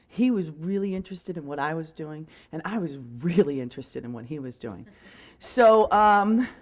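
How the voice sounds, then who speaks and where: Chatty woman with a lowish voice. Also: expressive, moderate pace, darkish tone. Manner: chatty, rambling, self-correcting with many fillers. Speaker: real estate speaker. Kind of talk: casual storytelling.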